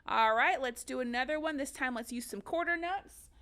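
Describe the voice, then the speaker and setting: A woman's voice: high voice, moderate pace, a bit bright. A woman music teacher giving a recorded lesson for children, upbeat and encouraging, counting beats and chanting rhythms aloud.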